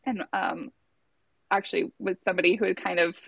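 A woman's voice: lowish voice, fairly even intonation, brisk, creaky, husky, no room sound, muffled recording. Chatty woman telling a story, dry close sound. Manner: chatty, many filler "like"s, acts out quotes. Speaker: guest telling her birth story. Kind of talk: casual storytelling.

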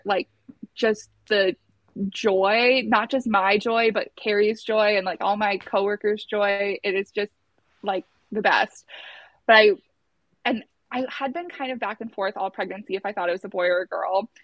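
A woman's voice: medium pitch, measured pace, dry recording, highs cut off. A young adult woman, a labor and delivery nurse, casually telling her birth story in a chatty way. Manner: chatty, acts out quotes in a raised voice.

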